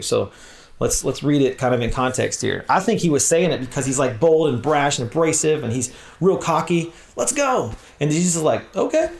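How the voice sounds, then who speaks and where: A man giving a lively conference talk on church leadership in a sermon-like style, acting out scripture quotes in changing voices. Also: mid-range voice, vocal fry. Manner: animated, acts out scripture voices.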